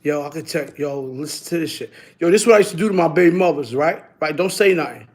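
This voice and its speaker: Loud laughing man on a livestream. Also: fairly high pitch, fast. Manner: loud, laughing, street slang, talks to chat. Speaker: livestream host. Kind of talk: casual livestream chat.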